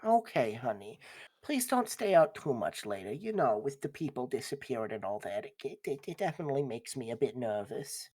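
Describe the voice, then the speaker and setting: A woman's voice: extremely low pitch, sing-song, normal speed, dark tone, breathy edge, pitched below the performer's own voice, heavily acted. A woman voicing a sweet, fretting mother who calls her son dearie. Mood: worried. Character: doting, fussy mother of a teenage boy.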